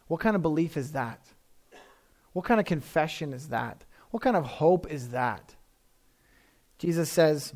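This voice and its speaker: A man's voice: on the high side, big pitch swings, a little slow. A man preaching a sermon in a conversational, emphatic way, often repeating phrases for effect.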